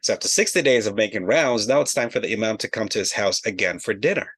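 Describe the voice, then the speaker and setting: A man telling a comic story with animated, brisk delivery. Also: lowish voice, breathy edge. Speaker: comedic storyteller.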